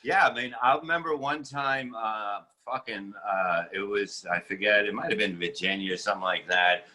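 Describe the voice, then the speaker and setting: A man's voice: on the low side, normal speed, sharp tone, rough recording. A man, a comedian guest, telling crude, rambling stories in casual podcast banter. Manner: crude, rambling storytelling with many restarts.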